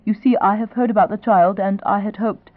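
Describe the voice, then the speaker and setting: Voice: mid-range voice, fairly even intonation, brisk, no room sound, close to an everyday voice. A reader voicing a gracious elderly duchess. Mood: genteel. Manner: genteel, pleasantly insistent. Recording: dry, thin phone-like sound.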